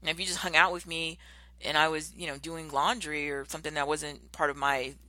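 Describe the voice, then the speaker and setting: A woman hosting a motivational podcast, talking passionately and emphatically, and slowing down to stress her key words. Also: sits low, flat delivery, sharp tone, dry recording. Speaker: podcast host.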